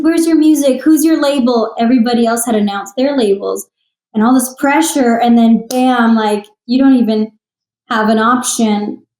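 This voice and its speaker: A woman's voice: a little high, darkish tone, reverberant, low-quality recording. A young woman from Texas, a singer and author, telling her story in a candid podcast interview with emotional earnestness.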